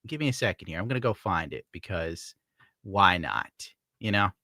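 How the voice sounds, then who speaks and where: Brief: male streamer, bright forward tone, dry close mic, swears freely, rambles and jokes between donation reads. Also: sits low, expressive, moderate pace, no echo. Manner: profane, rambling, jokey. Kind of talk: casual live-stream chat.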